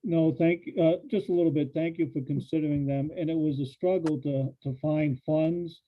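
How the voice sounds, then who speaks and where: A man's voice: fairly high pitch, fairly even intonation, normal speed. Man reporting over a tinny phone line. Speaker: public works director. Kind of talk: reporting to a town council. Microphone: phone or call line.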